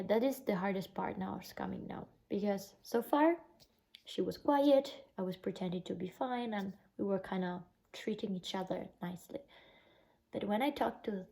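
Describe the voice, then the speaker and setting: A young Italian woman with an Italian accent tells a painful personal story in a casual vlog, emotionally recounting a bad experience and filling it with "like." Her medium-pitched voice is creaky and mellow, and the audio is poor.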